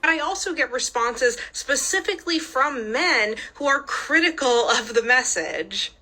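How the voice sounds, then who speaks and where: A woman's voice: high voice, expressive, unhurried, bright, forceful tone, low-quality recording. A woman speaking in a short social media clip, making earnest, matter-of-fact statements.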